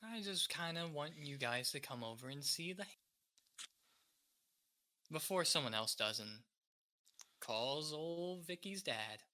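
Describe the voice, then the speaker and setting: A game master voicing a mysterious, cryptic woman on the phone who speaks in a low, hushed voice. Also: animated, slow pace, pauses often.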